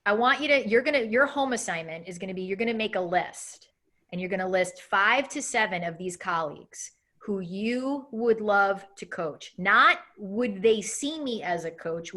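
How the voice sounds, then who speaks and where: A woman in her thirties coaching a student live in a webinar. Her voice is bright and forceful. She talks quickly and acts out sample messages with lots of animation. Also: mid-range voice. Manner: fast, animated, acts out example emails. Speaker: coaching instructor.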